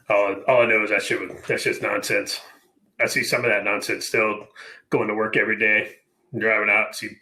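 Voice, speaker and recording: A man co-hosting a casual podcast, telling an animated army story and swearing freely. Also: lowish voice. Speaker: podcast co-host. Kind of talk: casual chat.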